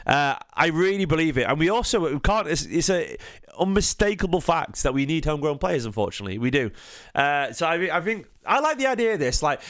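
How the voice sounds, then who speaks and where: Drowsy and worn out, this football fan channel host speaks in a fairly high, a bit bright voice, meandering through a casual stream full of restarts and questions for his viewers.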